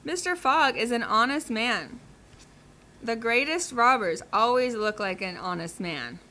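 A woman's voice: fairly high pitch, animated, measured pace, sharp tone. A woman voicing a sly, suspicious male detective in a children's cartoon, speaking insinuatingly.

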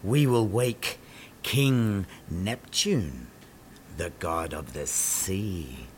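A man's voice: low voice, extremely slow, slight background noise, pitched below the performer's own voice. A man voicing solemn sea fairies. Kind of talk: storybook voice acting.

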